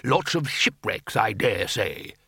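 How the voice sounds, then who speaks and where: A man's voice: lowish voice, sing-song, slow, creaky, pushed and bright, husky, no room sound, studio quality, heavily acted. A man voicing a fussy male wizard lecturer in a prim, slightly raised voice. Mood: musing.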